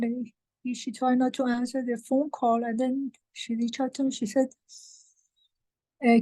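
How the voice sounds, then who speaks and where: Woman, meeting participant, emotional and halting, somewhat high, mellow voice. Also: dry recording, poor audio. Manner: halting, emotional, many fillers and restarts. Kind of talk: casual group-meeting talk.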